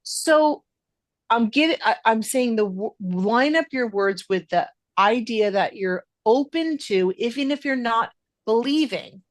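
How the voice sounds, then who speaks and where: A woman's voice: on the high side, lively intonation, measured pace, dry recording, studio quality. A middle-aged woman hosting a podcast in casual conversation, stressing her words emphatically. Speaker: podcast host.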